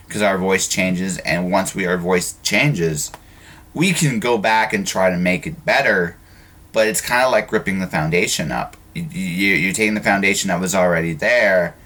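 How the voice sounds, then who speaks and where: A man with a notably deep, low-pitched voice hosts a relaxed podcast conversation. He talks his way to each point, stumbling over restarts and doubled words as the thought forms. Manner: halting, with frequent restarts and repeated words. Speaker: podcast host. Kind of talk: casual conversational interview.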